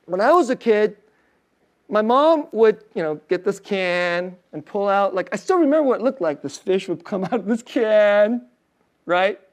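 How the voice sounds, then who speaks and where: A male pastor preaching a sermon in a casual, storytelling way, full of fillers and soft laughs, dropping to a hushed tender voice on emotional points. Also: high voice, animated, normal speed.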